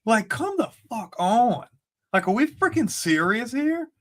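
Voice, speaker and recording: A man's voice: very high voice, measured pace. A man co-hosting a casual football podcast, ranting heatedly and cursing a lot. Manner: heated, profane, animated ranting. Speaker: podcast co-host. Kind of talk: casual sports chat.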